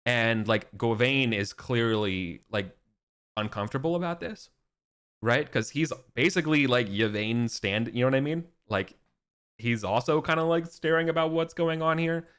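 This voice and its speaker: A man's voice: mid-range voice, moderate pace, fairly bright tone, clear, resonant tone. A young man running a tabletop game as game master, narrating loosely with plenty of fillers. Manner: loose and rambling, heavy on fillers.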